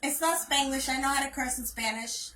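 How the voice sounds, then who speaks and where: A woman's voice: high voice, brisk, echoey room, noisy background. A woman hosting a casual livestream chat, playful and chatty. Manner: playful, chatty, laughs often. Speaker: channel host.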